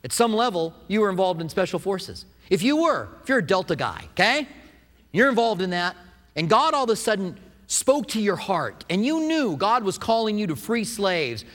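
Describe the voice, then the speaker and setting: A male preacher with a high, wildly swooping voice, telling a story to a congregation and acting out every quote. His words ring with a long echo through a large hall. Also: moderate pace. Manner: animated storytelling, acts out quotes. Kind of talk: sermon. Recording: echoey hall.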